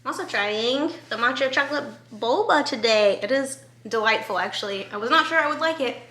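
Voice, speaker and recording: A woman's voice: a little high, animated, fairly quick, pushed and bright, a little hiss or hum. A woman food vlogger, bubbly and enthusiastic, giving a casual review of a dish at home in her kitchen.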